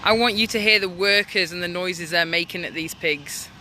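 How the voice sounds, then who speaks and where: A woman's voice: fairly low pitch, normal speed, bright, forceful tone. A woman ranting in an indignant, emphatic vlog, repeating her points with anger. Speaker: animal rights vlogger. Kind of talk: angry vlog rant. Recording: faint street noise behind.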